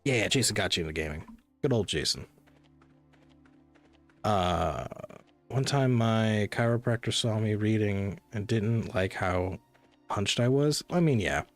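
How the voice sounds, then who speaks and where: A man's voice: fairly low pitch, animated, a little slow, long pauses, faint music behind. A man streaming a cozy game, chatting casually and rambling to his viewers. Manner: rambling, chatty, talks to chat. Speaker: gaming streamer. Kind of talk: casual live-stream chat.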